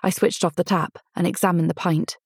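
Low-voiced woman reading a first-person story. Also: steady tone, fairly quick, husky, dry recording, studio quality. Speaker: audiobook narrator. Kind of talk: first-person scripted narration.

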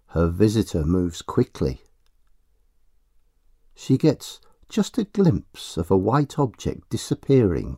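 Male storybook narrator, slow and lively in pitch, dry close recording. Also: husky, no room sound. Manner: slow, expressive reading.

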